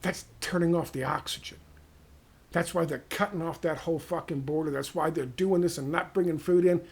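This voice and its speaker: A man with an American accent giving a heated, profane political monologue, firing off rhetorical questions and dropping to hushed tones. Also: a little high, steady tone, brisk, breathy edge. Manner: ranting, drops to hushed tones. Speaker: political commentator.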